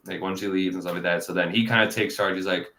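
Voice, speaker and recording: A man's voice: deep voice, steady tone, quick pace, sharp tone. A man hosting a casual review chat, rambling with lots of fillers and frequent laughs. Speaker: podcast host.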